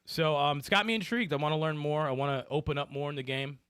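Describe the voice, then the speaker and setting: Podcast co-host, man, excitable storyteller, bright lively voice, dry close sound. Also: a little high, fast, clear, resonant tone, dry recording. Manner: animated, laughing, swearing, acts out game voices. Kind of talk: casual chat.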